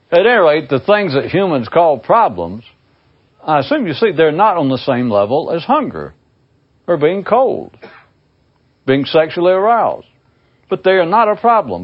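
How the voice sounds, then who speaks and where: Wry man musing, lively pitch. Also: slightly rough, muffled recording. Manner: wry, rambling, with dry self-mocking asides. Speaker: spiritual teacher. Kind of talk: informal talk with readings of short parables.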